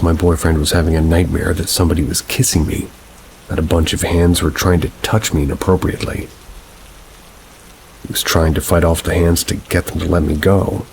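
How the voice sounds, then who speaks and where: A man narrating submitted scary stories in a slow, measured reading style. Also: low-pitched, vocal fry, a little hiss or hum, poor audio.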